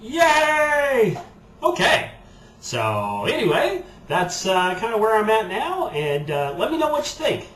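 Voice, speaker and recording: A high-voiced man swings through his corny jokes with a lively, bouncing pitch. He pauses often and laughs at his own punchlines. The sound is roomy and echoey, with banjo playing behind him. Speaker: ukulele performer telling jokes. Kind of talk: corny kids' jokes and sing-along. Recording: roomy echo with banjo music.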